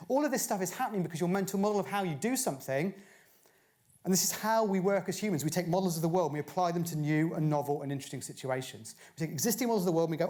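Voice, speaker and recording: On a conference stage, a man from Bristol, England gives a chatty talk, speaking fast in a high voice with a darkish tone. He fires rhetorical questions at the live audience.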